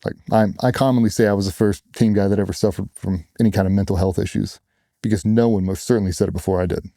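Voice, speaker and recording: A man's voice: on the low side, steady tone, quick pace, gravelly, dark tone, no room sound, clean studio sound. A middle-aged man, a former special operations operator, telling his story in blunt, earnest conversational speech as an interview guest. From United States. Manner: earnest, blunt, quotes others in raised voices.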